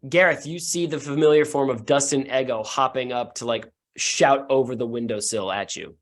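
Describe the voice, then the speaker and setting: A man's voice: mid-range voice, normal speed. A man narrating a tabletop game as game master, loosely improvised.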